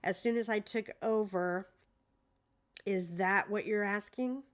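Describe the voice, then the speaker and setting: A woman reads a deposition aloud at home, breaking off to comment in a casual, incredulous way. She hesitates often and fills her pauses with ums. Her voice sits at an ordinary middle pitch. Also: steady tone. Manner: incredulous, hesitant with many fillers. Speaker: true crime commentator.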